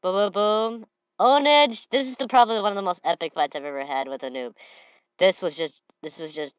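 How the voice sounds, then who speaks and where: A slightly sniffly woman giving excitable gameplay commentary, breaking into shouted trash talk. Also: mid-range voice, brisk, smooth, no room sound. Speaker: gamer.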